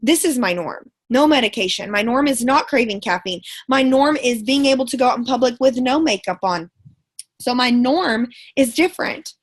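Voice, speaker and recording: A woman with a somewhat high voice gives a live motivational pep talk over an online call. She talks in a chatty, folksy way, calls her listeners girlfriend and y'all, and stacks repeated words for emphasis. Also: animated, normal speed. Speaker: wellness product sales ambassador and schoolteacher.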